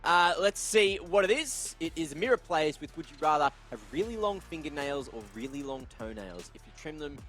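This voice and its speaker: A man's voice: on the high side, lively intonation, moderate pace, hardly any pauses, a bit bright, soft background music. A man hosting an esports panel show, chatty and joking as he leads the segment. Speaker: show host. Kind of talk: casual esports panel chat.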